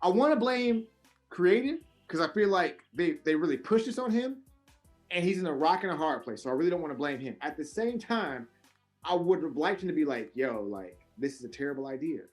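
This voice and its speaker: A man co-hosting a casual wrestling podcast, ranting in an animated, profane way, swinging from loud high outbursts to low mutters. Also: brisk, faint music behind. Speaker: podcast co-host.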